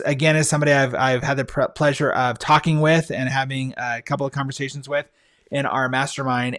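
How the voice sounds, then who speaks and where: A man's voice: mid-range voice, a bit bright. A man hosting a podcast, talking through book picks in a casual, enthusiastic way, with frequent fillers and restarts. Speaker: podcast host. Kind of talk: casual monologue recommending books.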